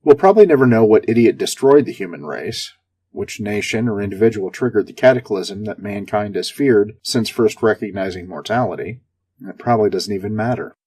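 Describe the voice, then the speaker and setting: Brief: low, husky male narrator, dry dark humor, first-person audiobook. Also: expressive, fairly quick. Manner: sardonic, darkly comic.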